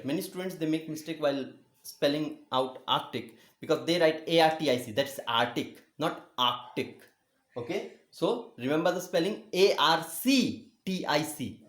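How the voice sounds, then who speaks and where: A male school teacher giving a geography lesson, speaking slowly, repeating words and spelling them out letter by letter, with frequent checks of "okay?". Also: on the high side. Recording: echoey room.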